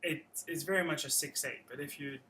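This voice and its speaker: On a livestream, a man teaches a guitar lesson, explaining chords step by step and counting out picking patterns while his own acoustic guitar plays behind him. His voice is on the high side, brisk, and fairly even in intonation, and the recording is rough.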